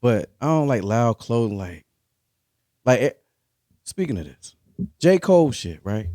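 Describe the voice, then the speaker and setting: A man's voice: medium pitch, very animated, measured pace, warm tone, dry recording, clean studio sound. A man, laid-back and chatty, giving his opinions on a podcast. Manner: laid-back, lots of agreeing asides. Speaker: podcast co-host. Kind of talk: casual podcast chat.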